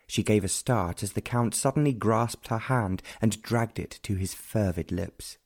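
A man reading a period novel aloud as an audiobook narrator, in measured, deliberate storytelling. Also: on the low side, darkish tone. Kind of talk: scripted narration.

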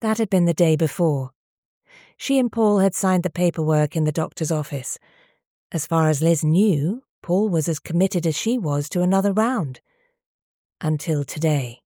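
Female narrator, measured storytelling, low and dry. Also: dark tone, dry recording. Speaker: audiobook narrator. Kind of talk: scripted narration.

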